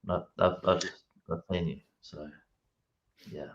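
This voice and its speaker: A man's voice: low-pitched, fairly even intonation, takes it slowly, a little hiss or hum. A man bantering bluntly and jokingly on a casual watch live stream, over dull stream audio. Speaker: watch show co-host.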